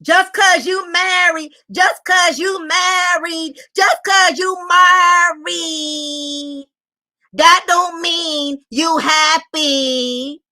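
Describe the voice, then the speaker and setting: A woman voicing a loud, furious single mother who shouts, curses and repeats herself while ranting defensively. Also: very high voice, fairly even intonation, extremely slow, heavily acted. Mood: indignant. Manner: shouting, cursing, repetitive ranting. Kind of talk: comedic rant impression.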